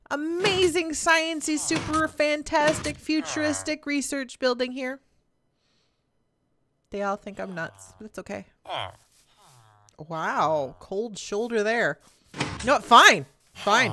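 A woman hosting a casual gameplay video, bubbly and excitable, chatting away to game characters and animals. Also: high voice. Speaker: let's play host. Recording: steady background noise.

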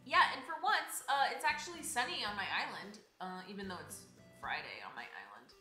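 A woman's voice: medium pitch, sing-song, fairly quick, pushed and bright, roomy sound. A young woman live-streaming a game, chatting casually and greeting viewers by name in a bubbly way. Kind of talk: casual live-stream chat while playing. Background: game music.

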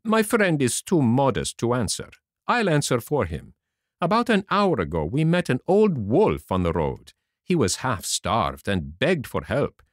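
Flattering con-artist fox in a storybook, a man doing him, slick and persuasive, pitch rising and falling. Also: unhurried, no room sound, studio quality. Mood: sly. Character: sly smooth-talking fox, a flattering swindler.

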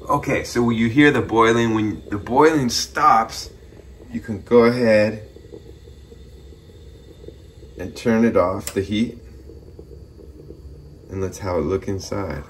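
A man hosting a casual how-to video, talking viewers through each step in his kitchen in a relaxed, chatty way. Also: fairly low pitch, a little slow, echoey room, distant mic, slight background noise. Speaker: host of a how-to channel. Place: kitchen indoors.

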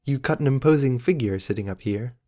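A man's voice: mid-range voice, expressive, a little fast, warm tone, close to an everyday voice. A man voicing a teasing young woman whose speech carries a faint trace of accent, in an audiobook. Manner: playful, teasing.

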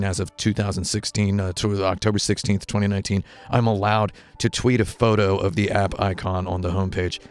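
A man chatting casually on a game livestream, telling rambling, digressive stories into a headset at home. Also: lowish voice. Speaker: streamer. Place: home room with carpet.

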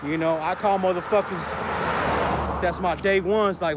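A man's voice: high voice, moderate pace. A man ranting in a casual street vlog, heavy on slang and profanity, recorded outdoors on a city street. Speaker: vlogger. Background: traffic and street noise.

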